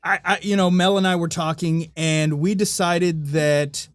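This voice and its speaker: A fairly high-voiced young man on a podcast, chatting casually and swearing freely as he tells lively, animated stories. His voice sounds dry and close, with no room around it. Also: unhurried, dry recording. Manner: profane, animated storytelling. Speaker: podcast co-host.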